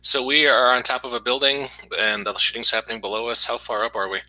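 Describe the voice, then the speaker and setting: A man's voice: medium pitch, quick pace, sharp tone, no echo, rough recording. A man playing a tabletop game who plans his moves aloud step by step, with hesitant fillers. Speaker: player.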